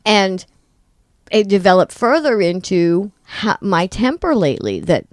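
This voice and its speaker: A middle-aged woman co-hosting a talk show, telling personal stories in a candid, self-deprecating way with quick restarts. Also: medium pitch, big pitch swings, no room sound, clean studio sound. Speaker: podcast co-host. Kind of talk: casual chat.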